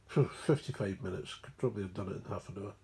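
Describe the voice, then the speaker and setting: A man's voice: fairly low pitch, quick pace, darkish tone, slightly rough. A Scottish man, mumbling and digressive, explaining a recovery program in a rambling way. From Scotland. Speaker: recovery speaker.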